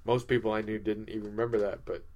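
A man co-hosting a podcast in casual chat, playful and deadpan as he jokes. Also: on the low side, fast. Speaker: podcast co-host.

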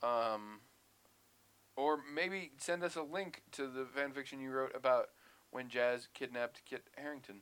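A man co-hosting a podcast in casual chat, talking in an animated, profane way with bursts of mock outrage. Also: medium pitch, unhurried, clear, resonant tone. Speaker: podcast co-host.

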